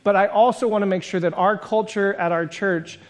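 This sermon comes from a man whose voice sits high, delivered at normal speed in a steady tone. As pastor, he speaks reflectively and conversationally, stringing together long lists and breaking off for jokes at his own expense.

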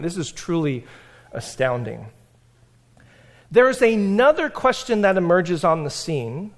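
A male pastor preaching a sermon in a conversational, lecturing way, telling history with animated asides. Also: sits high.

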